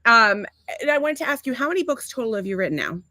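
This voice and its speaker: A woman's voice: on the high side, sing-song, fast talker, bright, forceful tone, dry recording. A woman hosting a casual podcast interview, asking questions in a friendly, somewhat hesitant way. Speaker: podcast host.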